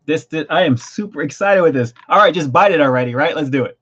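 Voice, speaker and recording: A man hosting a livestream snack review, chatty and excitable as he tastes and describes food. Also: on the high side, quick pace, slightly rough, highs cut off.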